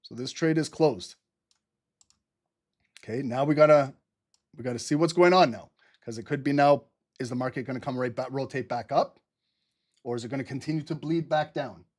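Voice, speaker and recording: A man hosting a live trading stream, talking fast and excitedly, laughing often and swearing casually. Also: mid-range voice. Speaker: livestream trading host.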